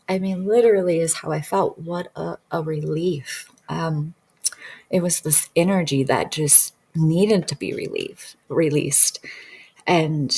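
A woman telling a personal story in casual conversation, earnest and emotional, often dropping into a soft whisper. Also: low-pitched, a little slow, husky. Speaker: guest recounting a regression session.

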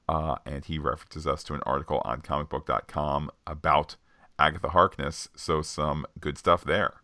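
A man with a very low voice co-hosts a podcast and works through listener tweets with the odd filler. His voice sits close and dry, with no room around it. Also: fairly even intonation, moderate pace, sharp tone, dry recording. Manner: reads off a list with frequent uh fillers. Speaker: podcast co-host.

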